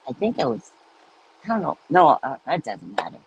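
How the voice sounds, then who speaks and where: A woman's voice: low voice, big pitch swings, a little fast, a little mellow, muffled recording, slight background noise. A woman hosting a live stream, chatting casually and telling stories with frequent laughter. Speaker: host of live readings.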